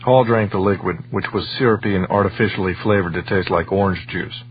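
A man reading an audiobook in measured, even scripted narration. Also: low-pitched, highs cut off, slight background noise.

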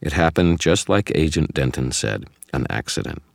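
A man's voice: a bass voice, animated, normal speed, vocal fry, dry recording, clean studio sound, full character voice. A man reading the part of a hot-tempered female police lieutenant, terse and hard in an audiobook. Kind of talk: audiobook character voice.

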